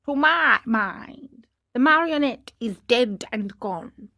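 A woman voicing a solemn, pompous male crow doctor who speaks in slow, grave pronouncements. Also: on the high side, expressive, pushed and bright, no room sound, clean studio sound, exaggerated voice.

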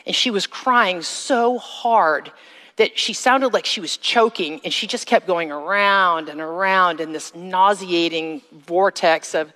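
A woman giving a sermon-style personal testimony, with slow, emphatic phrasing that rises to a high cry in the re-enacted moments. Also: a bit bright. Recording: long reverb of a large hall.

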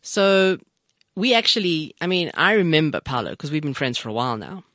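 An easygoing man co-hosts a radio chat and often chimes in to agree. His voice sits a little on the high side. The sound is dry and close. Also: expressive, brisk, pushed and bright, dry recording. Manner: easygoing, backs up the host with short agreements. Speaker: radio co-host.

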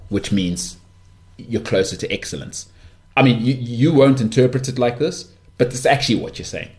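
A man's voice: medium pitch, lively intonation, normal speed. A man with a Johannesburg northern suburbs South African accent, hosting a podcast in a blunt, rambling, candid rant full of restarts and asides. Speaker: podcast host.

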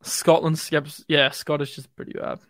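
A young man with an Australian accent talks quickly and loosely on a live stream, full of fillers and slang. His voice sits a bit high. The sound is dry and close, with no room around it. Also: dry recording. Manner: relaxed, rambling, quick and slangy with many fillers. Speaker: crypto streamer. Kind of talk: casual live-stream chat and chart commentary.

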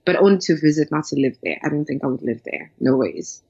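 Gravelly, husky woman, lower pitch. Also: big pitch swings, fast talker, warm tone. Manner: enthusiastic, emphatic storyteller. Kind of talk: casual chat. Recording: dull lo-fi sound.

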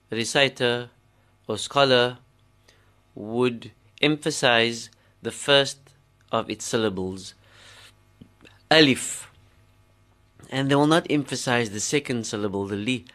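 A man teaching letter pronunciation on radio, drilling each sound slowly and drawing it out. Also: mid-range voice, a bit bright. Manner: slow, drawn-out letter-by-letter drilling. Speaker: Quran recitation teacher. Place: radio studio.

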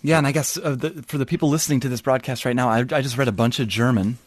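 A man co-hosting a podcast in casual chat, slowly explaining what words mean as he goes. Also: mid-range voice, steady tone, no echo. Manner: thoughtful, explains word meanings slowly. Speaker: podcast co-host.

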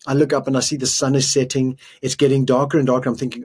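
A middle-aged man from South Africa tells a harrowing story in earnest, his voice husky and breathy at a steady middle pitch. He stops and restarts his sentences as he recalls it, in an interview setting. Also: quick pace. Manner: earnest, emotional retelling with restarts. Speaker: guest.

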